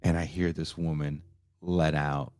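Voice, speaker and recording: A man on a podcast telling a story casually, animated and profane, often leaping up in pitch for emphasis. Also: a little slow, noisy background. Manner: animated, profane, jumps into high voices for emphasis.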